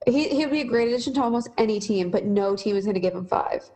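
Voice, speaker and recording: A woman's voice: medium pitch, quick pace, warm tone, rough recording. A young woman co-hosting a casual sports podcast, blunt and opinionated, with many fillers. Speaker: podcast co-host.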